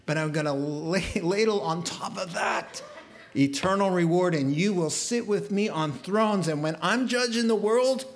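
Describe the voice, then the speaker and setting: A man giving voice to God, calm, in control, reassuring, plain everyday speech, fairly high voice. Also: unhurried. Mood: assured.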